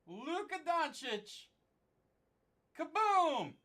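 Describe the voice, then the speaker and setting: Excited woman yelling over card reveals on a live stream, very slow pace. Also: high-pitched. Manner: shouting, hyped exclamations. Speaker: card break host.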